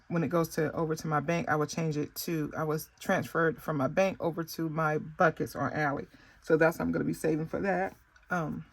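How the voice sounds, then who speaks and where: A woman casually talking viewers through her saving binders, rambling with many pauses and fillers and often calling them "y'all.". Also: low-pitched, creaky, husky. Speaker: budgeting vlogger. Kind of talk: casual chat while showing saving binders.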